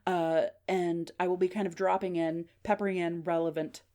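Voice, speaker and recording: A woman's voice: fairly low pitch, level tone, normal speed, mellow. A woman podcast co-host telling a spooky story in a chatty, casual way with plenty of fillers.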